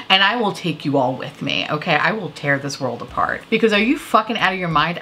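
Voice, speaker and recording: Her low-pitched voice carries a little hiss or hum. She's a woman vlogger reviewing new makeup, launching into a profane, animated, exasperated rant about product prices.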